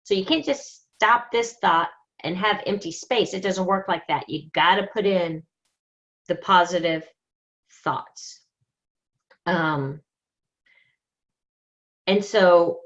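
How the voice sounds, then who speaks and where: A woman leading a group coaching session, talking in an emphatic, energetic, motivational way. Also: medium pitch, muffled recording. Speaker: book study group leader.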